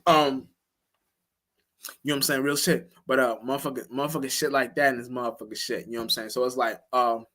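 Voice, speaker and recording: A man talks loosely and at length on his own livestream. He curses constantly, restarts his sentences and leans on fillers. Now and then his voice jumps much higher and louder when he acts out a reaction. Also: flat delivery, rapid-fire, few pauses. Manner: rambling, profane, with many restarts and fillers. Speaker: livestream host. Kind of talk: casual livestream monologue.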